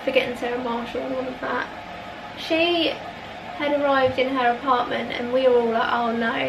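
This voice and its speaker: A woman's voice: sits high, reverberant, distant mic, a little hiss or hum, low-quality recording. A woman telling a long story in a casual, rambling way, often laughing mid-sentence. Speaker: vlogger.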